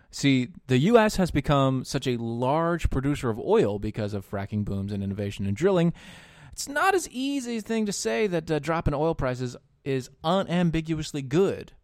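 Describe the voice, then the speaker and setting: A man giving opinion commentary, halting often with fillers and dropping into sarcastic muttered asides. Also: mid-range voice, a little mellow, no room sound, clean studio sound. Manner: sarcastic asides muttered under his breath; halting, with frequent fillers and restarts. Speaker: political commentator.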